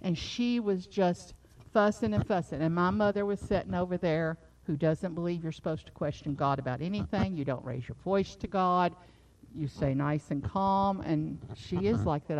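A middle-aged woman preaching a sermon, moving from a quiet personal story into fervent, rising exhortation. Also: on the low side, normal speed. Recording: slightly dull lo-fi sound.

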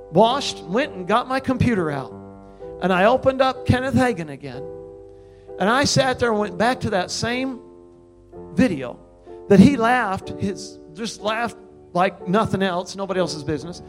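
An older man preaching, telling a story in an animated way and breaking into loud laughs and high exclamations. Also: normal speed, faint music behind. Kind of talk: sermon testimony.

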